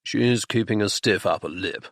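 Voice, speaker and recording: A man voicing a blustering, jocular middle-aged aristocratic duke in an audiobook, gruff and clipped. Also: fairly low pitch, moderate pace, no echo, clean studio sound.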